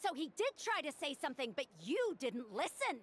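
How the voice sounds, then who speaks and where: A stern, worried young woman doctor, lecturing in a game cutscene with a high, swooping voice. She sounds exasperated and firm. Faint game ambience hums underneath. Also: sing-song, brisk, slight background noise. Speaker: doctor and logistics handler.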